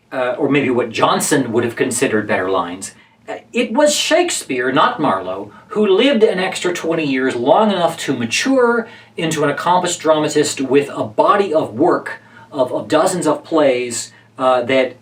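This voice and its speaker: Lively off-mic male professor lecturing. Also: mid-range voice, recorded from a distance. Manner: conversational, many fillers, reads verse aloud with emphasis. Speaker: literature professor. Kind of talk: recorded lecture.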